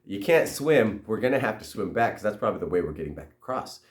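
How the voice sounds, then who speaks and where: A man's voice: fairly low pitch, animated, fast, lightly acted. A man voicing a patient male guide who gives step-by-step instructions. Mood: instructive. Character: steady male guide with a stone hand. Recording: roomy echo.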